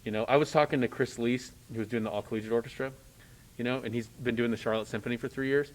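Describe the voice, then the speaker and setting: A man's voice: medium pitch, steady tone, quick pace. Middle-aged guy coaching a conductor at band rehearsal, direct, cracks jokes. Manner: direct, joking, talks through examples. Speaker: conducting clinician.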